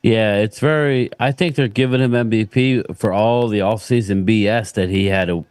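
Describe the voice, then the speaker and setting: A man's voice: lowish voice, fairly even intonation, moderate pace, a little mellow, smooth, no room sound. A man co-hosting a live sports stream from a home setup, laid-back and joking with loose slang. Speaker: sports podcast co-host. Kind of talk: casual live-stream chat. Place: home studio with stream deck.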